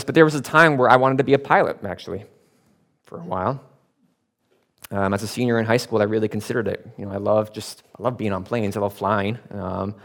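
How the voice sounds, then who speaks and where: A man preaching a sermon, reading scripture aloud and building to emphatic points before easing into personal stories. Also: lowish voice. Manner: scripture reading building to emphatic swells, then relaxed storytelling. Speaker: pastor.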